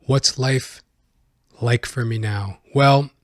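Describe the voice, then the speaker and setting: A man's voice: mid-range voice, takes it slowly, dry recording. Male podcast host, mid-range voice, casual profane solo storyteller, dry room.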